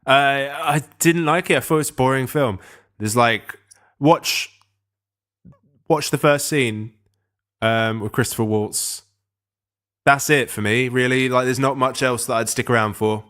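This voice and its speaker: A man's voice: mid-range voice, a little slow, fairly bright tone. A young man co-hosting a casual podcast, blunt and teasing in a dry way. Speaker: podcast co-host. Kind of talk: casual chat.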